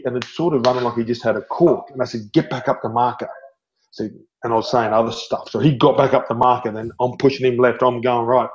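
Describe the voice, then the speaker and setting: A man's voice: medium pitch, muffled recording. A middle-aged Australian man, a former footballer guest, telling stories animatedly and laughing often. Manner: animated storyteller, laughs often, says "mate". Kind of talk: storytelling interview.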